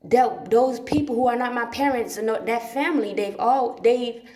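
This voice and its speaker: A woman's voice: on the high side, normal speed, a little mellow. Profane woman rambling in an echoey room. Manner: profane, repetitive, emphatic. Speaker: livestream host. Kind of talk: casual rambling monologue. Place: dark room at home.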